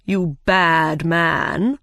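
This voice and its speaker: A bossy storybook king who hands out threats, as a woman puts him on. He speaks slowly and firmly in a dry, close recording, with no room sound around him. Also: sits low, steady tone, vocal fry, a bit bright, no echo, heavily acted. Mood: commanding.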